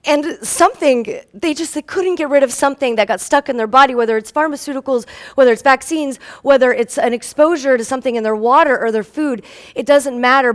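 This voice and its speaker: A woman health practitioner giving an inspirational stage talk. She speaks earnestly and with emotion, tells stories about her patients with acted-out dialogue, and builds up to rallying calls to her listeners. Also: a little high.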